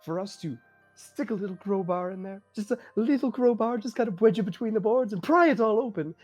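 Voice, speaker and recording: Player putting on a sly, drawling cart merchant. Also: male voice, high-pitched, fairly quick, darkish tone, faint music behind, pitched above the performer's own voice. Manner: drawling, mock-polite. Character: sly male cart merchant with a put-on accent.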